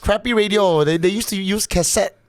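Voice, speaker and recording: A man with a Malaysian English accent, a podcast guest telling stories in a chatty, slangy, animated way. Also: sits high, fairly quick, dry recording. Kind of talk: casual podcast storytelling.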